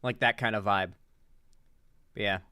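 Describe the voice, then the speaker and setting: A man's voice: fairly low pitch, fairly even intonation, slow, pushed and bright, clear, resonant tone, no room sound, clean studio sound. A man doing casual live-stream commentary, rambling with lots of "like" and swearing freely.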